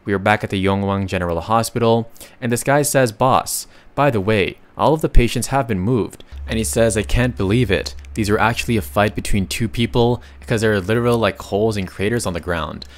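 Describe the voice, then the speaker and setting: A man's voice: fairly low pitch, fairly quick. A man narrating a comic story recap in a casual, chatty way, reading the characters' lines aloud and adding slangy asides.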